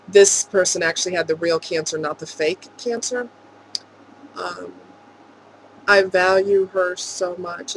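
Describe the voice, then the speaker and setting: A woman's voice: lowish voice, slight background noise, rough recording. Earnest woman vlogger, heartfelt ramble. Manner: earnest, emotional, rambling, laughs softly. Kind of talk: heartfelt vlog monologue.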